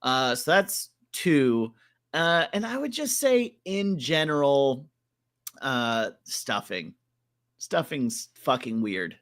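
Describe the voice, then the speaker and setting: A young man co-hosting a casual podcast chat, joking and swearing freely. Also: medium pitch. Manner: animated, joking, profane, quick bursts of laughter. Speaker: podcast co-host.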